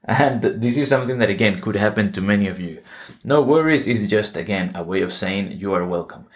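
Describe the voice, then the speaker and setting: A man's voice: on the low side, lively intonation, brisk. A man who is not a native English speaker, hosting a podcast English lesson and explaining words patiently, often restarting and correcting himself. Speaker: English teacher and podcast host.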